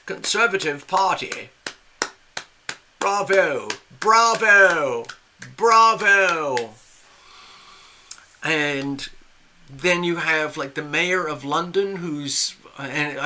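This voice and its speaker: A man's voice: fairly high pitch, pushed and bright. A man hosting a live tarot stream, talking in a rambling, opinionated way and reading out chat messages. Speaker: livestream tarot reader. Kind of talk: casual live-stream monologue.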